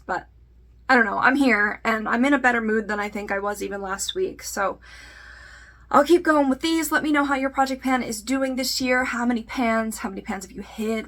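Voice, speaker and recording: A woman's voice: on the high side, fairly bright tone. A woman talking casually to camera in a makeup vlog, chatty and self-deprecating, trailing off into fillers. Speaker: beauty YouTuber.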